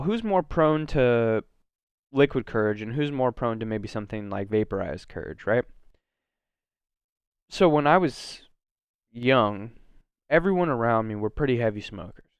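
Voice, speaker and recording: A man from Oregon hosts his own podcast alone, wandering from thought to thought with plenty of fillers and restarts. His voice is smooth and clean, at an ordinary middle pitch. The sound is close and dry, with no room echo. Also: expressive, a little slow, long pauses, dull audio. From Oregon, USA. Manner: rambling, many fillers and restarts, self-corrections. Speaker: podcast host. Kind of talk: casual solo podcast monologue.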